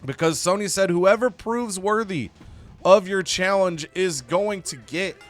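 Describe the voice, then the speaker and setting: A young man hosting a gaming video, animated and storytelling, acting out characters as he recaps a wrestling game. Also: high voice, a little slow, faint music behind. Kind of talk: casual narration of a wrestling game save.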